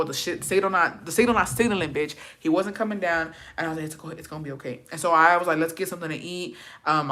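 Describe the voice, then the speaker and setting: A young woman vlogger telling a family story in casual chat, cursing freely and slipping into Spanish phrases. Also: low voice. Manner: profane, animated, switches into Spanish.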